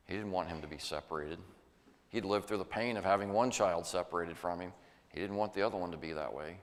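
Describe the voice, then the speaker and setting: A man preaching a sermon in an earnest, folksy way, sometimes acting out the voices he quotes. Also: low voice. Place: church sanctuary. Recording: long church reverb.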